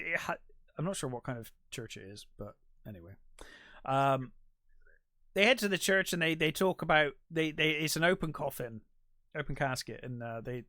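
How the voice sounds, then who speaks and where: A man co-hosting a podcast, casually retelling a movie's scenes and acting out quick quotes from the characters, with the odd swear. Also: medium pitch, pushed and bright, clear, resonant tone, dry recording, clean studio sound. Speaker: podcast co-host. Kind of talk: casual film recap chat.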